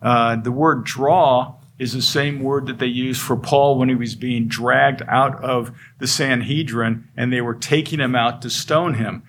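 A man's voice: medium pitch, fairly even intonation, a little slow, hardly any pauses, fairly bright tone, a little hiss or hum. A man preaching an expository sermon, earnest and emphatic, driving points home through repetition. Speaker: pastor.

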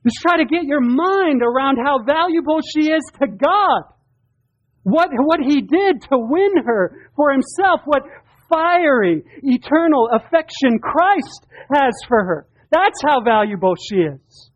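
A man's voice: extremely high pitch, lively intonation, a little slow. A man preaching a sermon, earnest and emphatic, often repeating his words as he presses a point. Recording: dull, dry lo-fi sound.

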